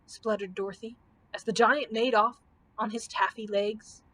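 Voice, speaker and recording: A woman librarian reading a children's storybook aloud with expressive, measured storytelling. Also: fairly high pitch, poor audio.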